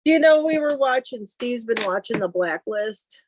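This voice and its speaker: A woman's voice: on the high side, expressive, normal speed, slight background noise, poor audio. A woman who is a guest on a casual chat show, chatty and opinionated.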